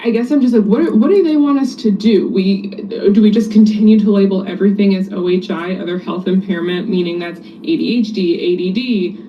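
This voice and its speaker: A woman's voice: medium pitch, a little fast. A woman speech-language pathologist talking to the camera, earnest and questioning, sounding frustrated about her work. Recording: dull, distant played clip with faint noise.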